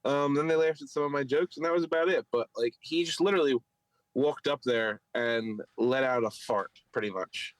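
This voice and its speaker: Medium in pitch and moderately paced, this podcast co-host speaks with a Philadelphia accent through a low-quality recording that has no room sound. His long story rambles along, heavy with fillers, told animatedly in casual chat.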